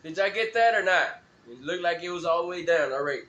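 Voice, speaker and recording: A man's voice: sits high, animated, a little fast, a bit bright, echoey room, dull audio. A man rambling through a profane, laugh-filled story on a live stream.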